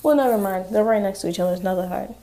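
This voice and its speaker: A woman's voice: medium pitch, racing, warm tone. A young adult woman casually recapping a TV episode, chatty and sarcastic with frequent swearing. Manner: chatty, profane, sarcastic asides. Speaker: TV recap vlogger.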